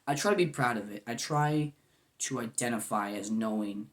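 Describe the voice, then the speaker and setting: A man's voice: mid-range voice, moderate pace. Goofy, earnest young man vlogging. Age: 20s. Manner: goofy, earnest, rambling with fillers like "man" and "you know". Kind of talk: casual heartfelt monologue.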